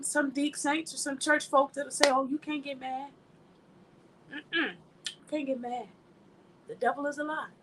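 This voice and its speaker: A woman's voice: sits high, sharp tone, slight background noise, low-quality recording. A woman giving an informal sermon, emphatic and conversational, telling personal stories and laughing along the way. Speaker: ministry speaker.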